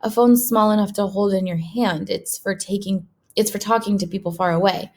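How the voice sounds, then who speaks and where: A woman reads the part of a jumpy seventh-grade boy, nervous and quick to answer. He protests and stammers through a storybook reading. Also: mid-range voice, steady tone, close to an everyday voice.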